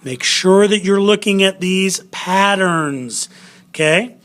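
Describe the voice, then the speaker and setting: Slow, bright-voiced man teaching spelling. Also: high-pitched. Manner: patient, drawn-out sounding of syllables. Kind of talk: recorded spelling lesson.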